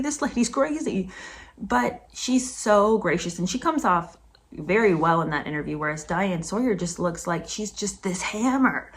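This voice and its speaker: A woman giving a casual commentary vlog as a book reviewer. She talks emphatically and indignantly, with sudden high-pitched outbursts.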